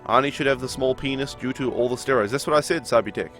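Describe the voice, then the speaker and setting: A man's voice: medium pitch, fast talker, fairly bright tone, soft background music. A man streaming a game live, chatting casually and arguing with viewers in chat. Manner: chatty, argumentative, reading and answering chat.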